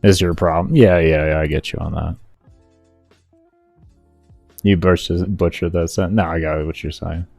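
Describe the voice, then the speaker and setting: Deep, mellow-voiced male gaming streamer. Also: moderate pace, vocal fry, long pauses, no echo, faint music behind. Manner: swears heavily, rants and berates himself when frustrated; chats with viewers in a relaxed, rambling way. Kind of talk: casual live-stream chat while gaming.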